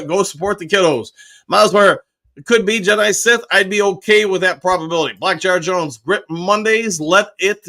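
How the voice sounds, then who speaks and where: A man's voice: high voice, bright, forceful tone. Upbeat man reading chat on a fan stream. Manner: upbeat, reads viewer comments aloud and answers each; frequent "woo" cheers and filler "uh". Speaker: podcast host reading live chat. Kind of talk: casual live-stream chat.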